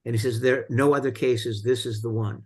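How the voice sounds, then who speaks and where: A man's voice: mid-range voice, steady tone, brisk, darkish tone, husky. Man casually retelling film scenes. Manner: retells scenes with many fillers and restarts. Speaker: film discussion host.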